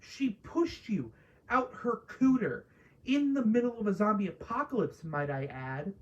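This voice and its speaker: A woman's voice: mid-range voice, very animated, unhurried, highs cut off. A woman casually ranting through a spoiler review of a TV episode, profane and exasperated, mocking characters she dislikes. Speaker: TV show reviewer.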